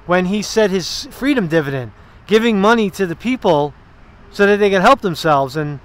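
High-pitched male vlogger, walking-and-talking political rant outdoors, loose and profane. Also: animated, normal speed, a bit bright. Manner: rambling, profane, sarcastic asides. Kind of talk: casual political commentary.

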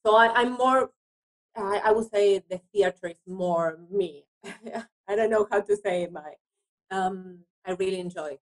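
A woman's voice: medium pitch, a little slow, low-quality recording. Argentinian woman, hesitant English. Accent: Argentinian Spanish. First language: Spanish. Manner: hesitant, searching for English words. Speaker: actress guest. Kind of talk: casual interview chat.

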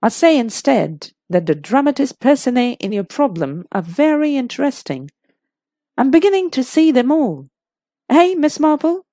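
A woman voicing a thoughtful older man, a retired police chief, in a measured, musing way. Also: high-pitched, sing-song, mellow, no echo, clean studio sound.

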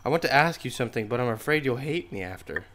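A man reading aloud the chat messages of a sad young woman confiding in a friend, speaking softly and a little higher. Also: lively intonation, fast, close to an everyday voice. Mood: wistful. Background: loud background music and keyboard typing.

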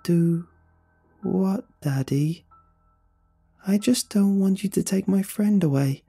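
A man's voice: high voice, slow pace, creaky, mellow, breathy edge, faint music behind, voice pushed up, heavily acted. A man voicing a creepy little girl's voice worn by an inhuman thing, sing-song and drawn out. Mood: sinister. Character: creepy little girl voice of a skin-wearing thing.

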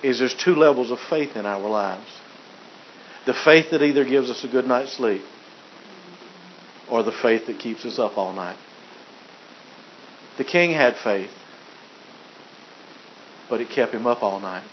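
A man's voice: mid-range voice, unhurried, pauses often, a little hiss or hum. A man preaching a sermon as pastor, joking and chuckling, with frequent restarts. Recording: dull lo-fi recording.

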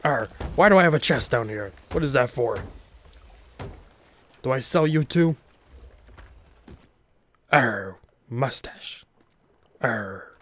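A man's voice: medium pitch, lively intonation, takes it slowly, pauses often. A man voicing a boastful, clumsy male pirate captain, growling pirate talk as he plays a video game. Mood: blustering. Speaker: game player.

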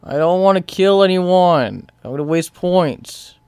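Gamer, live play commentary, swearing, frustrated, middle pitch, very lively swings. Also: measured pace, smooth, no room sound. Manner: frustrated, swearing and yelling at the game; swings between loud outbursts and low muttering. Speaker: video game player.

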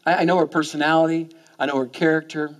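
A man preaching a sermon in church, talking fast and often repeating words as he goes. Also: a little high, steady tone. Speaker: pastor.

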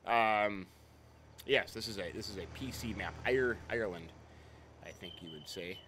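A man's voice: fairly low pitch, normal speed, background noise. A man hosting a casual let's-play stream, chatting and greeting viewers by name. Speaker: game streamer.

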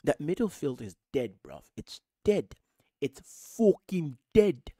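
A man's voice: fairly high pitch, sing-song, slow, dark tone, no room sound. A man, hosting a podcast, ranting angrily about football with lots of swearing and emphatic repetition. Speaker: podcast host. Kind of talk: casual football rant.

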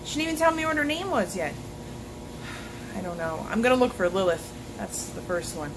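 A woman narrating and acting out a toy-play story in an expressive, worried way, with frequent gasps. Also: medium pitch, moderate pace, noisy background.

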